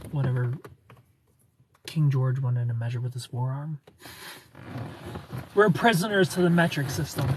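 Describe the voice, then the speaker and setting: A husky, slightly breathy man talks loosely on a live stream, sounding tired. He rambles from joke to joke and stops to greet chat members by name. His pitch sits in an ordinary middle range. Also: warm tone.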